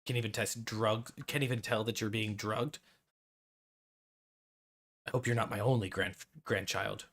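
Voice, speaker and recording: A man voicing a disdainful old grandfather in a tabletop game, speaking low, dry and contemptuous. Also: fairly even intonation, measured pace, long pauses, fairly bright tone. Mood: scornful.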